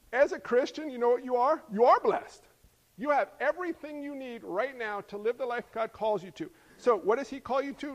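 A man preaching a sermon as pastor, lively and joking, peppering the congregation with rhetorical questions. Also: very high voice, fairly quick. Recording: long hall reverb.

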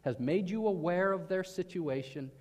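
A man preaches in an earnest way and keeps putting questions to his listeners. His voice sits high for a man. Long reverb from a large hall hangs on every phrase. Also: normal speed, a little mellow. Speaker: pastor. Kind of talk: sermon.

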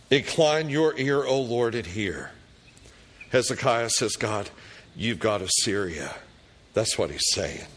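A man's voice: fairly low pitch, lively intonation. A middle-aged man preaching a sermon as a pastor, reading scripture prayers with rising fervor and telling a personal story. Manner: slow, deliberate preaching that rises to fervent loud prayer readings.

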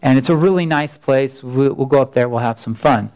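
A man in his thirties tells a personal story from the pulpit with an earnest, folksy manner. He often restarts his phrases, and his voice stays smooth and clear throughout. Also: medium pitch, a little fast, darkish tone, poor audio. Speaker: pastor. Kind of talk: conversational sermon storytelling.

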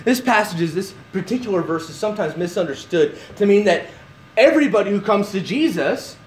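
A man's voice: sits high, animated, fairly quick, slight background noise. A man preaching a sermon, emphatic and repeating words for stress. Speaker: pastor.

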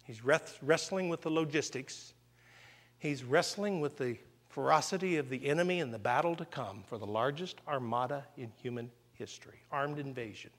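A man preaching a sermon in a church, telling stories with lively swings between loud outbursts and hushed, slow emphasis. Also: mid-range voice, long reverb tail. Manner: animated storytelling, swings from loud exclamations to quiet emphasis.

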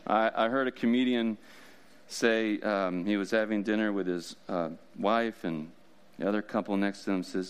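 A man's voice: on the low side, fairly even intonation, moderate pace, clean tone. A man preaching a sermon as pastor, in a casual, joking way with frequent laughs.

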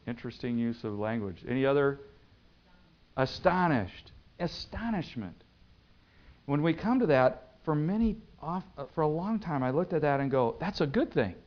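A man's voice: medium pitch, lo-fi sound. Man preaching with dramatic swings. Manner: dramatic, swings between loud and hushed. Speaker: pastor. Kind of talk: sermon.

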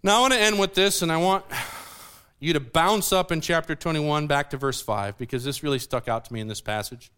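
A man's voice: on the high side, a little fast, clean tone. A man preaching a sermon, explaining scripture and putting questions to the congregation. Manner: animated, asks the audience questions.

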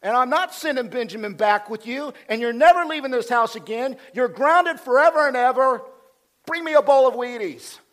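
A man voicing an exasperated elderly father who scolds his grown sons in a loud, high-pitched rant. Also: normal speed.

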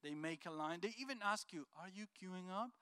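Man, high bright voice, smooth and clear, earnest testimony, dry close sound. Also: expressive, brisk, no room sound. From Colombia. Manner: earnest, heartfelt storytelling. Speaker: speaker sharing a personal testimony. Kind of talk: emotional personal testimony talk.

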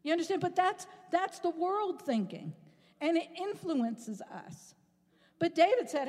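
A woman preaching a sermon in an animated, rhetorical way, at times rising to a shout. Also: very high-pitched, a little slow. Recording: long reverb in a large hall.

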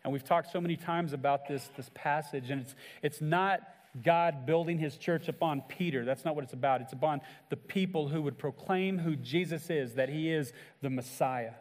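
A man's voice: normal speed, hardly any pauses. Preaching man in a reverberant hall. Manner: earnest preaching, acts out quoted lines with shifts in pitch and volume. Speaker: pastor. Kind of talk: sermon.

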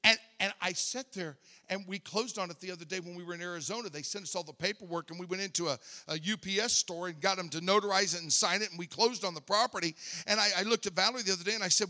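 Male preacher, slightly high voice, conversational storytelling sermon, long church-hall reverb. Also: quick pace, few pauses, sharp tone. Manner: conversational, repeats words when starting a thought.

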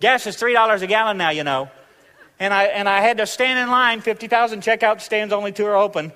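A man's voice: high-pitched, brisk, pushed and bright, clear, resonant tone, in a large hall, voice pushed up. A man with a Southern accent voicing a grudging gift-giver who complains about all the trouble he went to. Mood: whiny guilt-trip. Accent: Southern US (Arkansas). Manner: whiny, self-pitying, guilt-tripping.

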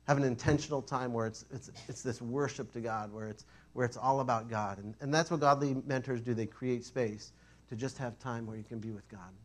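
A man preaching a sermon, telling stories in an animated, self-mocking way. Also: medium pitch, fairly quick.

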